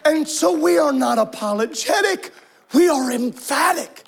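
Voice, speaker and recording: Brief: male preacher in church, striking very high pitch, impassioned sermon that swells into shouts and sung phrases. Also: sing-song, unhurried, creaky. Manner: emphatic, shouting, half-singing cadence. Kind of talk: fervent sermon.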